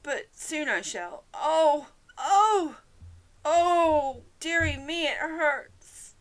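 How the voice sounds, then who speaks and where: A woman's voice: on the high side, animated, normal speed, bright, forceful tone, poor audio. Storybook read-aloud: a scatterbrained, fretful old queen, voiced by a woman, fluttery and wailing. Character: flustered, scatterbrained old queen, fussy and dramatic.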